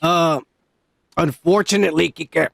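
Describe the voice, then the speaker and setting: A man co-hosting a casual, profane podcast, ranting with constant swearing. His voice sits fairly high and has a gravelly edge. The sound is dry and close. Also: measured pace, no room sound. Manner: loud, ranting, heavy swearing. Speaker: podcast co-host.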